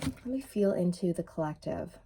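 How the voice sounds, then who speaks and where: A woman giving a casual, excitable tarot reading to her viewers, full of fillers and restarts, with a frog in her throat. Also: on the low side, moderate pace, gravelly, husky. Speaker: tarot reader. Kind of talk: intuitive tarot reading to camera.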